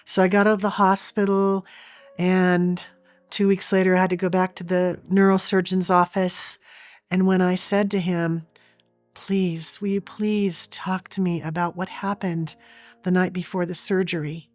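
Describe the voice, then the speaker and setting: Woman, lowish voice, earnest storyteller, dry close mic, faint music underneath. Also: level tone, a little slow, darkish tone, no room sound. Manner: earnest, vivid retelling. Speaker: interview guest. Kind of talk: personal storytelling in an interview.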